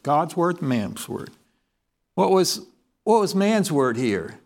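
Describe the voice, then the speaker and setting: Guy preaching a sermon, kinda high voice, reads bible verses and quizzes the crowd. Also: slow. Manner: animated preaching, asks the congregation questions; reads scripture aloud in King James wording.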